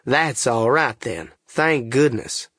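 A man voicing a sly male swindler called the duke, speaking in a slow, wry drawl in an audiobook reading. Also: mid-range voice, animated, a bit bright, husky, no room sound, clean studio sound, exaggerated voice. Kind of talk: audiobook character voice.

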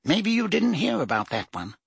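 Male reader doing a high, jittery, defensive wizard minister, husky edge. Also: huge pitch swings, no echo, clean studio sound, heavily acted. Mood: weary. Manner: rapid, heated, rising pitch when pressed.

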